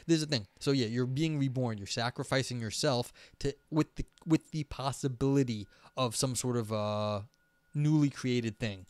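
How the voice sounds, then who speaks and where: A man's voice: medium pitch, moderate pace, darkish tone, clean tone, no echo. Man reading aloud on a livestream. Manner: reads passages aloud, then breaks off into loose musing asides. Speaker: livestream host reading and analyzing texts. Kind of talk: reading aloud with casual commentary.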